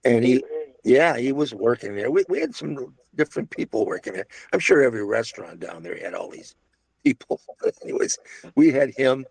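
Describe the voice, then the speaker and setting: Here an older interviewee wanders through memories of working in restaurants, often restarting and veering into asides. His mid-range voice is sing-song, a little fast, creaky and husky, recorded without room sound.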